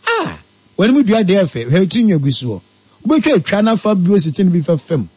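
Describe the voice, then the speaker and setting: A man hosting a radio talk show, moving between solemn announcements, lively banter and ad reads. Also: high voice, fairly quick, breathy edge, dry recording. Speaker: radio host.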